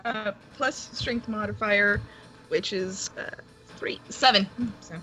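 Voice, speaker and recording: A woman's voice: medium pitch, slow pace, pushed and bright, soft background music, poor audio. A woman playing a tabletop game, speaking hesitantly and laughing often. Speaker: player.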